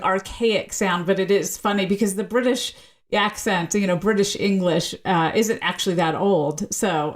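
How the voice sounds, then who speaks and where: Woman linguist guest, from the US South, articulate and lecture-like, mid-range voice. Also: medium pitch. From American South. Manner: articulate, lecture-like explanations with frequent "right?". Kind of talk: podcast interview, explaining.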